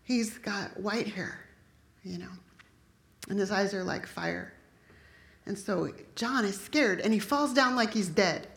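A woman's voice: mid-range voice, slow pace, vocal fry, long pauses, a bit bright. A woman preaching a sermon in a chatty, conversational way, dropping joking asides to her congregation. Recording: echoey room.

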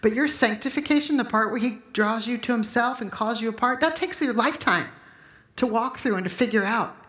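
A woman in her fifties preaches and tells her own testimony, her voice pitched a bit high. She gets emotional and acts out her prayers loudly for the room. The sound rings around a roomy, echoing space. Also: brisk. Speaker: speaker at a Christian gathering. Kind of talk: sermon with personal testimony. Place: room full of listeners.

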